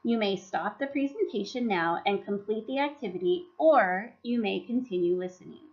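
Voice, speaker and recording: A teacher voices over a slide presentation for professional development, reading scripted instruction and carefully sounding out words and syllables. Her medium-pitched voice is a little mellow, lively in intonation, at a moderate pace, on a dull lo-fi recording.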